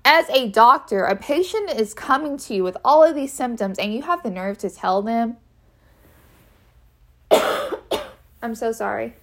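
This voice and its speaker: A woman tells a personal story in a frank, casual way, using fillers and emphatically repeating key phrases to stress her points. Her fairly high, fairly bright voice is expressive and unhurried, with frequent pauses.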